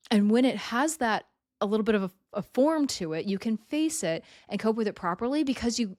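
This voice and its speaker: A woman's voice: medium pitch, a little mellow, no echo. Earnest woman podcasting in a dry close sound. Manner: earnest, conversational, many fillers like "you know" and "right". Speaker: podcast host. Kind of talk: solo podcast talk.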